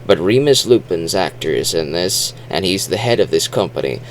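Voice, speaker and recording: Low, gravelly male recapper; rambling, sarcastic, lively pitch swings. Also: normal speed, slight background noise. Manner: rambling, sarcastic asides, self-deprecating. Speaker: movie recap vlogger. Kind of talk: casual movie recap.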